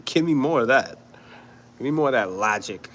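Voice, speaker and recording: A man's voice: mid-range voice, lively intonation, moderate pace, a bit bright, a little hiss or hum, poor audio. A man from New York hosting a livestream, chatting casually with viewers, swearing, laughing and rambling. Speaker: livestream host. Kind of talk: casual commentary with chat.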